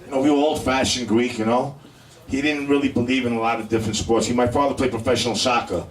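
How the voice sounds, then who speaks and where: A fast-talking, middle-aged comic from Brooklyn, New York, works a live club crowd with a rambling set full of "you know." His mid-range voice has fairly even intonation, and the distant recording picks up the echoey, noisy room.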